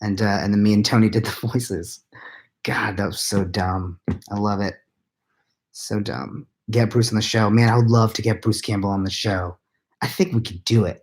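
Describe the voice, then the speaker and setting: Tired man speaking in a hush. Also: fairly low pitch. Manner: hushed and rambling, self-mocking, with quiet laughs. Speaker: show creator answering live chat questions. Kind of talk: late-night live chat Q&A, half-whispered. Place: home, at night. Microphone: laptop mic.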